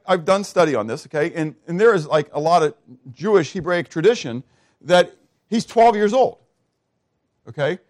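A male pastor teaching a sermon in a conversational, animated way, constantly checking in with his listeners. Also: on the high side. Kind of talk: expository sermon.

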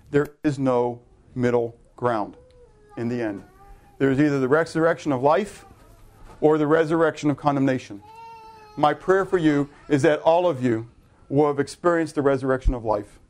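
A middle-aged man preaching a sermon, animated and conversational, asking the congregation to answer and correcting himself in loose asides. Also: mid-range voice. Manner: animated preaching with audience call-and-response. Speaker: pastor.

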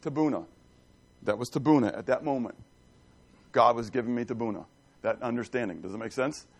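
A man's voice: medium pitch, fairly quick. A middle-aged man preaching a conversational sermon, telling folksy stories and checking in with the congregation with questions. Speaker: pastor.

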